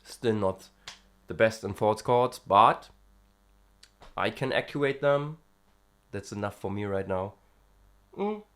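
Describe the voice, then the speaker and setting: A man from Europe talking casually and hesitantly about vocal technique, with many fillers, breaking into short sound demonstrations. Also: mid-range voice. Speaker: vocal student vlogger. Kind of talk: casual singing-lesson vlog.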